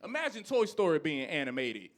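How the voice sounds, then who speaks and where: A very animated man in his thirties moves briskly through a stand-up comedy set at a club, bursting out loudly in his rant and then dropping to low asides.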